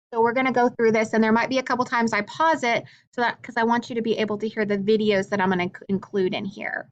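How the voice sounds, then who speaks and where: A woman teaching a phonics lesson to young children, speaking slowly and clearly with frequent encouraging praise. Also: fairly high pitch, a bit bright, highs cut off.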